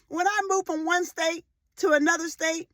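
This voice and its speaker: This is a dry, close recording with no room echo of a woman in her forties delivering a faith-based motivational message. Her voice is high and ringing, her tone steady and her speed normal, yet she hammers repeated phrases with fervor and climbs to loud emotional peaks.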